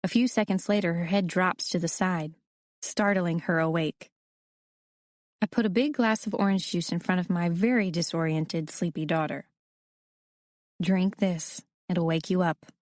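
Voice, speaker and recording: A woman reads a first-person novel in a steady, conversational way. Her voice sits low, and the recording is close and dry with no room sound. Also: normal speed, dry recording. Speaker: audiobook narrator. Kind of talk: first-person scripted narration.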